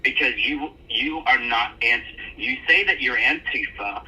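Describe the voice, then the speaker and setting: A man's voice: medium pitch, unhurried, pushed and bright, husky, recorded from a distance, poor audio. A man calling into a live stream, arguing insistently and repeating his points. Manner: insistent, argumentative. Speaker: caller. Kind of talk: heated live debate.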